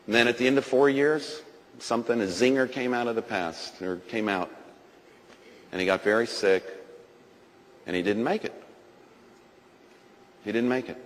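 A man's voice: medium pitch, normal speed, pauses often. Impassioned man preaching in a reverberant hall. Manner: swings between loud proclaiming and hushed grief. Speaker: guest speaker giving testimony. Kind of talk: impassioned sermon testimony. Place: large gathering hall.

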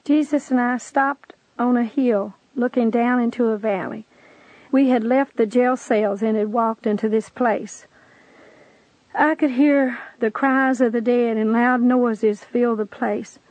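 A woman's voice: on the high side, fairly even intonation, measured pace, darkish tone, no echo, rough recording. A woman giving an earnest, pleading testimony, telling her story and urging the listener to believe. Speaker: testimony speaker. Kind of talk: preached testimony narration.

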